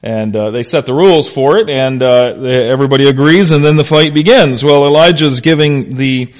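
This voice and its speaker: A man, a pastor, preaching a conversational expository sermon that swings between loud emphasis and quiet asides. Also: mid-range voice, a little fast. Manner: conversational, unscripted, frequent "uh" and "you know".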